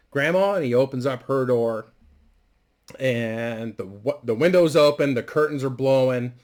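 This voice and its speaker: A man casually and crudely rambling through a story idea, full of fillers and restarts. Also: medium pitch. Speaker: vlogger.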